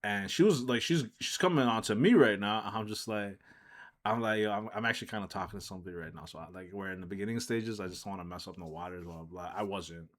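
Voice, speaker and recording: A man streamer casually telling a personal story, animated and laughing, swinging between mumbles and shouts. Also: on the low side, fast talker. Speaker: streamer reacting to a video.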